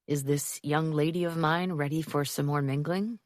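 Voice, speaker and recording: A woman voicing a charming, attentive young man who speaks softly and earnestly in an audiobook. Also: on the high side, steady tone, moderate pace, dry recording, clean studio sound, natural voice. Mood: intimate. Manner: soft and earnest.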